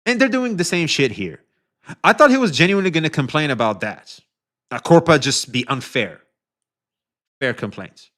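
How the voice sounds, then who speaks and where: A male streamer reacts to a video live and talks straight to his chat. His pitch rises and falls a lot as he rambles and corrects himself, and he swears freely. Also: very animated, moderate pace, pauses often, fairly bright tone. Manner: addresses chat directly, frequent restarts and swearing. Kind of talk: livestream reaction commentary.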